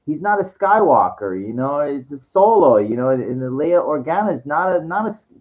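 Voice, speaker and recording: A man rambles casually through a monologue full of fillers and false starts, now and then sinking into a low, slow voice to quote lines. His pitch swings widely, his tone is fairly dark, and the high frequencies are cut off.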